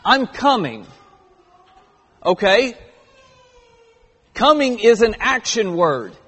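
A man's voice: sits high, very animated, slow pace, fairly bright tone, breathy edge. A man in his thirties preaching a sermon in a church auditorium, earnest and stressing key words. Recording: long hall reverb.

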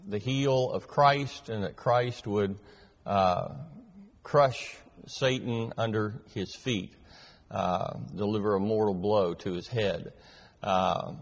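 A man leading a Bible class, teaching verse by verse in a measured way with frequent filler pauses. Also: mid-range voice, long reverb tail. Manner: measured, hesitant with many fillers.

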